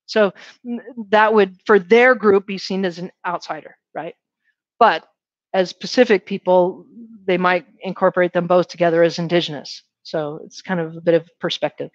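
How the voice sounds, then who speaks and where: Speaking at normal speed in a fairly low pitch, a woman gives an animated university lecture, checking in with "right?" and quizzing the class. It's a dull, dry classroom recording.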